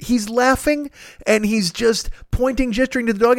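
A man hosting a comedy podcast, telling a story in a profane, animated way and acting out the people in it. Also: very high-pitched, moderate pace, dry recording, clean studio sound. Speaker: podcast host.

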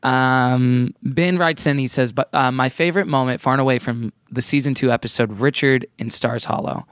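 A man's voice: medium pitch, fairly even intonation, normal speed, smooth, dry recording, studio quality. A man co-hosting a podcast, chatting casually, reading listener emails and laughing often. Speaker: podcast co-host.

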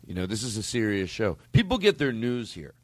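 A man's voice: lowish voice, sing-song, a little fast, no echo. Rambling man hosting a comedy podcast. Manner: rambling, self-interrupting storyteller. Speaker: podcast host. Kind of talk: casual comedic chat.

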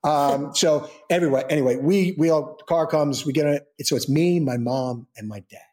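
A middle-aged man, a guest actor in a podcast interview, telling a story with animated energy, acting out the people he quotes, with many fillers and restarts. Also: a little high, fairly quick. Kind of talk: casual anecdote in a podcast interview.

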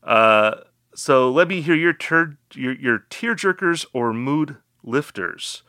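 A man's voice: medium pitch, expressive, takes it slowly, sharp tone, no echo, studio quality. A man co-hosting a casual music podcast, jokey and upbeat as he reads out listener questions. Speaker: podcast co-host.

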